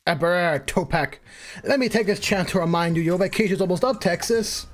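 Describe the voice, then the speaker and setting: Man doing a swaggering male crime boss, slow drawling delivery, game-story reading. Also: high-pitched, soft background music, close to an everyday voice. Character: swaggering smooth-talking male boss, brash. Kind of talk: amateur voice acting while reading a game story.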